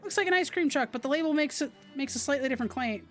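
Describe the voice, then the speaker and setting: A woman streaming a game live, reading the dialogue aloud, laughing often and yelling in mock outrage. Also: high voice, animated, fast, hardly any pauses, faint music behind.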